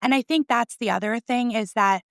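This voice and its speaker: A woman's voice: a little high, moderate pace, fairly bright tone, no room sound, clean studio sound. A woman in her forties, a school librarian, chatting in an interview with enthusiasm, laughing often and tagging "right?" onto her points. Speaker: school librarian, podcast guest. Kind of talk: conversational interview.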